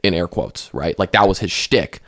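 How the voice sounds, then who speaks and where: A man's voice: low voice, moderate pace, fairly bright tone. Rambling, swearing podcast man. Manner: rambling, swears a lot, many restarts. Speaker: podcast co-host. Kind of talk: casual chat.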